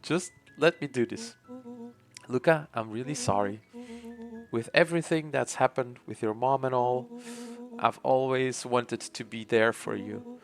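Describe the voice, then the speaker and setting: A man's voice: medium pitch, a little slow, creaky, soft background music. A man reading the lines of an earnest, nervous young boy who halts as he apologizes. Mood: remorseful.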